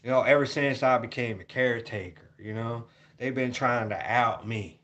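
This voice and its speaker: A man vlogging a rambling, repetitive rant at home, cursing and swinging from loud hollering to low mutters. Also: normal speed, muffled recording.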